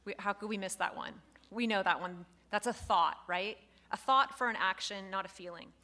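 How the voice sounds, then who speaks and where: A woman instructor giving a lively lecture to a live class, acting out example phrases as she goes. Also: mid-range voice, normal speed. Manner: lively, expressive, acts out quoted phrases.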